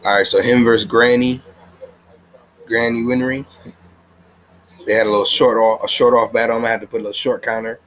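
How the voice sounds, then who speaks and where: A man's voice: medium pitch, flat delivery, fairly quick, pauses often, a bit bright, a little hiss or hum, rough recording. A man reviewing an anime episode in a casual, slangy, rambling way, laughing often, recorded at home with the TV on.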